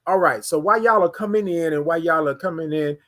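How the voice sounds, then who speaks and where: A man from Houston hosting a casual morning livestream, greeting viewers and hyping up the chat. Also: a little high. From Houston, Texas. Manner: energetic, hypes the chat, drawn-out sung greetings. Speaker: livestream morning show host.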